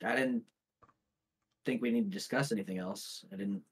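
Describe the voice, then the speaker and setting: A man playing a tabletop game, talking in a wry, measured, slightly hesitant way. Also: on the low side, husky. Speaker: player. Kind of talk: casual tabletop play.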